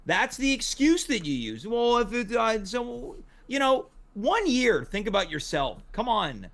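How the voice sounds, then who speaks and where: A man's voice: extremely high pitch, sing-song, a little slow, creaky, a bit bright. A man hosting a comedy talk show, wry and teasing, with a dry conversational delivery. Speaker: host.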